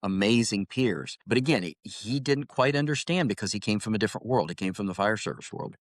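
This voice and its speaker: A middle-aged man, a retired highway patrol officer, telling stories in a casual interview and often repeating words as he starts a thought. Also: brisk, dry recording, clean studio sound. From Ohio, United States. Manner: storytelling, animated, repeats words when starting.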